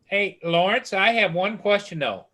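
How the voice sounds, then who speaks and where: A man cracks quick jokes in a casual chat with friends. His voice is high for a man, with a bright, sharp edge. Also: lively intonation. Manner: joking, quick-witted.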